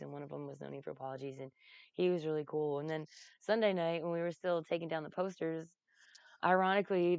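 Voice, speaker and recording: A woman's voice: low-pitched, gravelly, darkish tone, clear, resonant tone, no echo, lo-fi sound. A woman telling casual, rambling stories, laughing often and swearing freely. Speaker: vlogger recounting a comedy festival. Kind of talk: casual storytelling.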